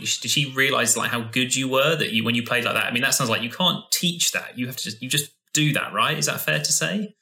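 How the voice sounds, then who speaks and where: A man's voice: medium pitch, brisk, gravelly, hardly any pauses, bright, forceful tone. A man hosting a podcast, asking eager questions in a chatty way, often restarting his sentences. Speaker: podcast host. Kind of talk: conversational interview.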